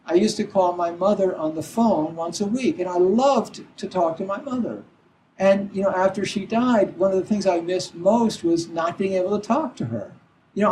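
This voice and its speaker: Man, middle-aged, Zen teacher, reflective dharma talk, halting with "you know" and restarts, high-pitched, warm mellow tone. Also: a little hiss or hum, poor audio.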